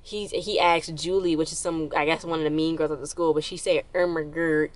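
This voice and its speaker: A woman rambles through a casual recap of a TV episode, loose and full of fillers and restarts. Her low voice has fairly even intonation and moves a little fast.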